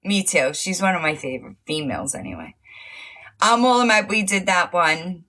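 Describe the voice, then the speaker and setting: Woman livestreamer, bright tone, mocking, profane, laughing a lot, slightly worn voice. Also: fairly low pitch, sing-song, moderate pace. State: losing her voice from laughing. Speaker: livestream host. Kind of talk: casual livestream rant.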